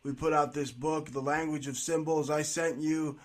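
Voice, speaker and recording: A man's voice: fairly high pitch, steady tone, normal speed. Emphatic man hosting an interview. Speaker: host. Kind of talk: conversational interview.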